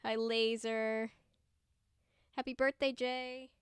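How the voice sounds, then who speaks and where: Chatty woman streamer with smooth voice. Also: on the high side, little pitch movement, takes it slowly, dry recording. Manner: chatty, greets chat viewers by name. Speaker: livestream host. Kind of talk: casual livestream chat.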